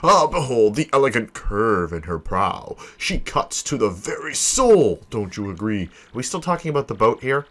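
A man voicing a pompous, flamboyant ship captain who boasts in a grandiose, drawn-out way. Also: mid-range voice, big pitch swings, a bit bright.

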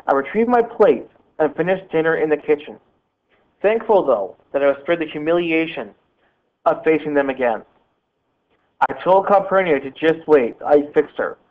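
Male teacher narrating a novel, steady and plain, slightly high, phone-line sound. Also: normal speed. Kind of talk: reading a novel aloud.

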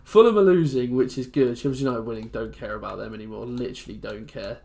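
A young man from England giving rambling, emotional commentary over a football video game, muttering low one moment and shouting the next. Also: steady tone, fast, gravelly. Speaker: gaming YouTuber. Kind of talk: casual gameplay commentary.

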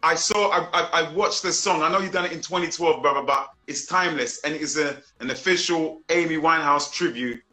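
A man's voice: fairly high pitch, brisk, few pauses, bright, forceful tone, faint music behind. Enthusiastic man in an echoey room. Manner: enthusiastic, heaps praise, slangy. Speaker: interview host. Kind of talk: casual interview over a live stream. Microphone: video call.

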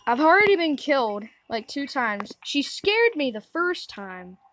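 A woman's voice: high-pitched, very animated, measured pace, a bit bright, a little hiss or hum, low-quality recording. A woman giving let's play commentary on a horror game, jumpy, gasping and talking back to the game. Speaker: gamer.

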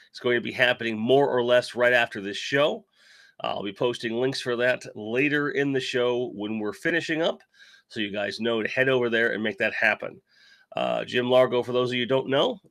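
A middle-aged man, still sick after covid, chats loosely through a toy live stream. His voice is gravelly and bright-edged, and it sits close and dry on the mic. He rambles and pokes fun at himself as he answers chat. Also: medium pitch, no room sound. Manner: rambling, self-deprecating, reads chat aloud. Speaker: toy channel host.

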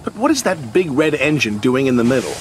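A man's voice: medium pitch, very animated, a little fast, a little hiss or hum, natural voice. A man voicing a fussy, cross yard manager in a cartoon storybook. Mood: puzzled. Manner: fussy, indignant.

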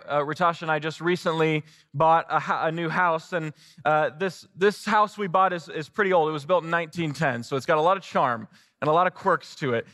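A man's voice: fairly high pitch, a bit bright. A man preaching a sermon, telling a personal story casually, poking fun at himself, with lots of restarts and acted-out quotes. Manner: casual, self-deprecating, many restarts and quoted asides. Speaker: pastor. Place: large church sanctuary. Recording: long hall reverb from a church sanctuary.

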